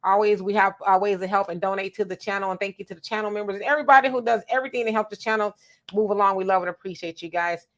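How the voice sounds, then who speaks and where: A woman from Southern California co-hosting a live stream, chatting casually with viewers and telling animated stories. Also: mid-range voice, very fast. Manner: animated, talks straight to viewers, tells stories. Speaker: co-host of a live stream show.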